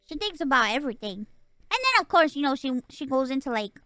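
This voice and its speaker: Woman streamer, very bright, animated, profane, casual storyteller. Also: high voice, fairly quick, soft background music.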